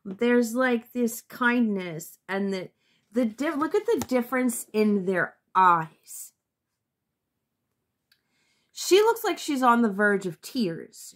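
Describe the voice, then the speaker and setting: A woman's voice: a little high, very animated, slow pace. A woman giving a casual tarot reading to her viewers, blunt and sometimes profane, thinking aloud and restarting her sentences. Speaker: tarot reader.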